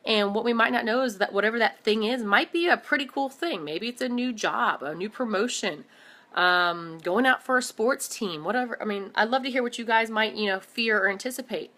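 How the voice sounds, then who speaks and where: Upbeat, higher-pitched woman in her thirties. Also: a little fast. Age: 30s. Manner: animated, enthusiastic, addresses viewers as "guys". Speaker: motivational vlogger. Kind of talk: casual motivational talk to camera.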